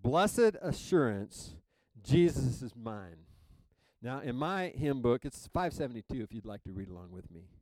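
A male pastor delivering a sermon at an unhurried, deliberate pace. He leans hard on key words and reads hymn lines aloud with growing emphasis, calling for amens. The recording is close and dry. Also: mid-range voice, big pitch swings, darkish tone, dry recording, rough recording. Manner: asks the congregation for amens.

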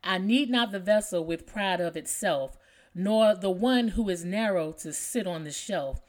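A woman reading a gentle, earnest master. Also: mid-range voice, measured pace, close to an everyday voice. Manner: earnest, tender. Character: kind, gentle male master, firm.

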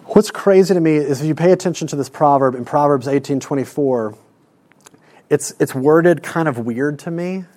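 Earnest man preaching, fairly high voice. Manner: earnest, repeats words when building a point; drops soft and slow on key lines. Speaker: pastor. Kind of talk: sermon.

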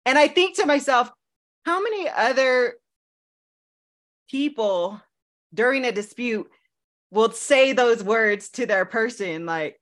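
A woman co-hosting a podcast in casual chat, telling stories in an animated, laughing way. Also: on the high side, takes it slowly, long pauses. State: engaged to be married. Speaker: podcast co-host.

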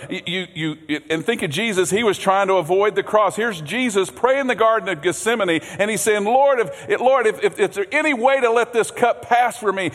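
A man preaching a sermon as pastor, earnest, repeating words, swinging from loud emphasis to hushed low passages. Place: church sanctuary. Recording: long hall reverb.

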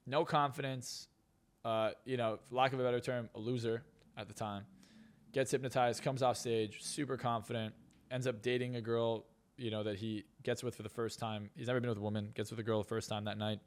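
A man's voice: medium pitch, little pitch movement. A man, a hypnotist and success coach, telling boastful stories as a podcast guest. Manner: fast, boastful storytelling. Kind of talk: casual podcast interview.

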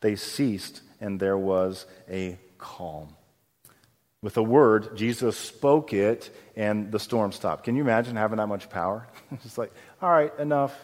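A man's voice: lowish voice, unhurried, a little mellow. A man preaching a sermon as pastor, conversational and often asking his congregation questions. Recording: long hall reverb.

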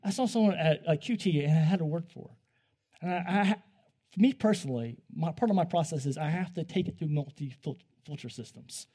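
High-voiced man preaching casually. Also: breathy edge. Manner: animated, joking, with quick restarts. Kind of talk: conversational sermon.

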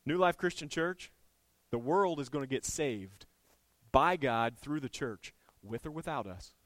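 A man preaching a sermon as a church pastor, storytelling with animated swings, climbing to fervent, near-shouted peaks. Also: medium pitch, unhurried, no room sound. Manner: animated, rising to impassioned shouting.

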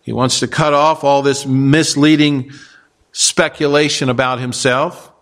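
A pastor preaching a sermon, explaining scripture with rhetorical questions and occasional fillers. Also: male voice, medium pitch, fairly even intonation, a little slow, a bit bright. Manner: expository preaching with rhetorical questions and acted quotes; frequent fillers and restarts.

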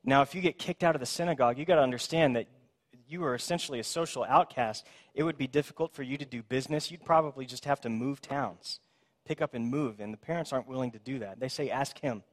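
A man's voice: medium pitch, quick pace. A man preaching a sermon in a conversational way, acting out the figures in the story with sarcastic emphasis. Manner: animated, acts out the voices in the story with sarcastic emphasis; conversational, self-described as a bit of a smart aleck. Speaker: pastor.

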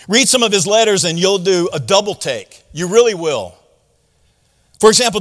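A man with a high-pitched voice preaches to his congregation in a relaxed, conversational way. He slips into casual paraphrases of scripture and points out sarcasm. His voice carries a long, ringing hall reverb. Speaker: pastor. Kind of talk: sermon.

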